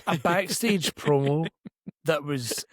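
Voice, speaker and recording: A man's voice: fairly high pitch, a little slow, no room sound, studio quality. A man co-hosting a podcast in casual chat, stammering through restarts as he gives his opinions. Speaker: podcast co-host.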